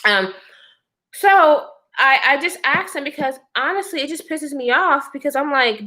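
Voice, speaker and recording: A pregnant woman chatting to her viewers, telling a personal story in a lively, expressive way. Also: sits high, unhurried. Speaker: vlogger. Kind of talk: casual storytime chat.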